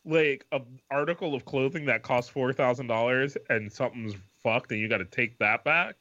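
A man's voice: medium pitch, moderate pace, bright, forceful tone, no room sound, lo-fi sound. A man co-hosting a podcast in casual chat, laid-back and profane, calling people dude and bro. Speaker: podcast co-host.

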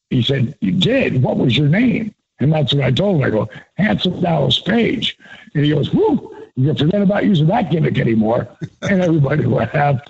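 Telling a loose, profane story as a guest on an interview, a man gets animated and performs each quoted line with shifts in his voice. His voice is fairly high, gravelly, and slightly rough, captured in a dull, dry lo-fi recording without echo.

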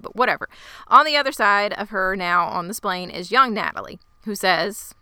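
A woman co-hosting a casual podcast, retelling a TV episode scene by scene with lively asides. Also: mid-range voice, normal speed, clear, resonant tone, no echo. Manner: animated storyteller, quotes characters in lively asides. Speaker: podcast co-host. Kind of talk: casual TV recap chat.

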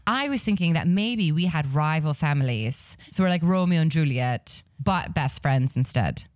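A hammy fake-Irish persona put on by a woman co-host, lower in pitch than most women and swooping widely up and down as she plays along. The sound is close and dry. It stays comic banter throughout, with her proudly claiming a homeland. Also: lively intonation, moderate pace, a little mellow, dry recording. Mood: mock proud. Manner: playfully hamming up a put-on Irish accent. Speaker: podcast co-host.

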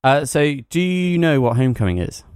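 A man co-hosting a film podcast, explaining new releases in a relaxed, rambling way with filler words. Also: a little high, a little fast, clean tone, no echo, clean studio sound. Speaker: podcast co-host, film reviewer. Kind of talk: casual chat.

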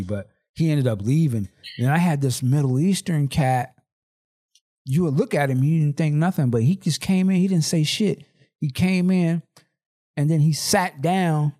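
A man's voice: a little high, animated, moderate pace, a little mellow. Slangy storytelling podcast man. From Seattle, Washington. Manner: storytelling, slangy, acts out dialogue. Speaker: podcast co-host. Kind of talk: casual chat.

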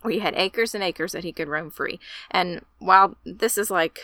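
A woman's voice: on the low side, normal speed, sharp tone, no echo. A woman co-hosting a casual chat, talking in a chatty, enthusiastic way. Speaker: podcast co-host.

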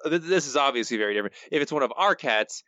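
A man in casual podcast chat with a middle-pitched voice and a dry, understated manner. He reads listener quotes aloud between asides. The recording sounds dull, lo-fi and close, with no room echo. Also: lively intonation, quick pace, bright, forceful tone. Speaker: podcast co-host.

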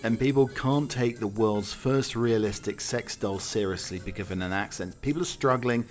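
A man's voice: lowish voice, normal speed, faint music behind. A British man hosting a casual talk show, wry and chatty, with many fillers. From United Kingdom. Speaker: host. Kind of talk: casual chat.

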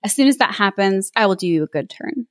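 A woman reads a fairy tale aloud for a podcast, lively and playful with little character voices. Her voice sits at an ordinary middle pitch. The sound is dry and close, with no room around it. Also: fast, dry recording. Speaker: podcast co-host reading aloud. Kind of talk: storybook read-aloud with chat.

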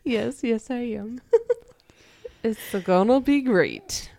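A woman's voice: a little high, expressive, extremely slow, vocal fry, a little mellow, dry recording. A woman co-hosting a chatty podcast, playful and giggly. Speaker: podcast co-host. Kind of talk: casual chat.

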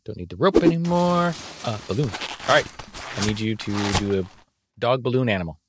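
A young man in casual comedic role-play, teasing and deadpan, running the challenges like a game master. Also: fairly low pitch, normal speed, background noise.

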